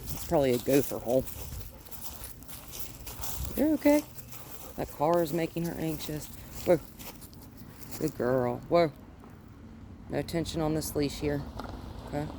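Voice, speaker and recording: A woman dog trainer talks through a hands-on session outdoors, her voice mellow and warm. She moves between soft, coaxing praise and plain explanation, with faint background noise around her. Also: low-pitched, unhurried, gravelly, long pauses. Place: outdoors by her front yard and gate.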